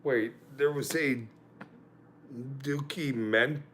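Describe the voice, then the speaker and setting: Slow and mid-range, this man's voice has a fairly bright tone, with slight hiss or hum in the recording. Hosting a livestream, he rants, laughs, and swears frequently, pressing his points over and over while reacting to the chat.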